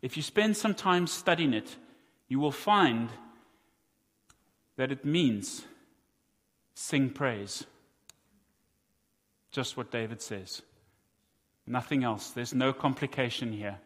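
A man with a South African accent preaching a sermon, earnest and deliberate, with wry asides to his congregation. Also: mid-range voice, fairly bright tone, long reverb tail. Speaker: pastor.

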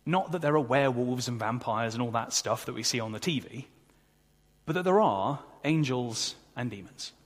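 A man's voice: medium pitch, slightly rough. A man preaching a sermon, earnest and conversational, asking the congregation along. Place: church. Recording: long hall reverb.

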